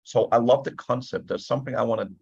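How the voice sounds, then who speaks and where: A man's voice: medium pitch, fairly even intonation, fast, vocal fry, darkish tone, breathy edge, dry recording, muffled recording. A man, a management consultant, explaining his ideas in a casual interview, earnest and often repeating words as he starts a thought.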